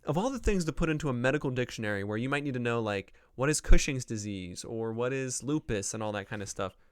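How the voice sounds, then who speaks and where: A man chats his way through a solo podcast, wandering from thought to thought with plenty of ums and likes. His voice sits at an ordinary pitch and sounds smooth and clear. The recording is dry and close. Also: no room sound. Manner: rambling, with many ums and likes. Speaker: podcast host. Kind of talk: casual solo podcast chat.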